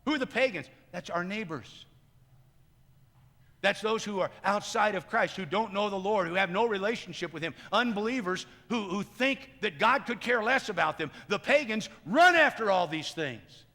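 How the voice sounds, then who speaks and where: A male pastor in his fifties preaching a sermon, swinging between loud emphatic lines and hushed quiet ones. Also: sits high, expressive, moderate pace, in a large hall. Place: church sanctuary.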